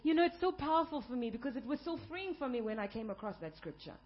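Woman pastor, lively swooping sermon delivery, dull lo-fi recording. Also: high voice, fast talker. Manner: emphatic preaching, building to shouted climaxes.

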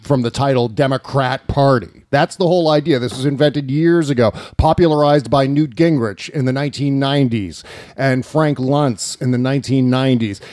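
A man's voice: mid-range voice, normal speed, a little mellow, no room sound, clean studio sound. A man hosting a political podcast, ranting with indignation and swearing freely. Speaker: podcast host. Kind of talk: political talk show banter.

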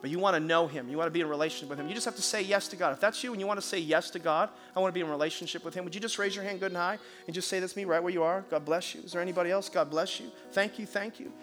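High, bright-voiced pastor preaching. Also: male voice, rapid-fire, few pauses, soft background music. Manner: animated storyteller, then hushed and earnest in prayer. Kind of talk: sermon with storytelling and altar call. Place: church auditorium.

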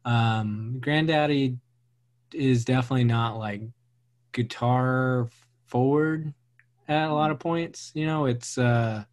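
A man's voice: mid-range voice, measured pace. Man chatting loosely about music. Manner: loose, hedging with "like" and "you know". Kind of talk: casual music chat.

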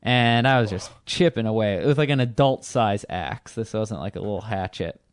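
A man's voice: fairly low pitch, normal speed, clear, resonant tone, no room sound, studio quality. A man chatting casually about a movie, telling a rambling, profane personal story full of fillers and restarts. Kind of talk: casual chat.

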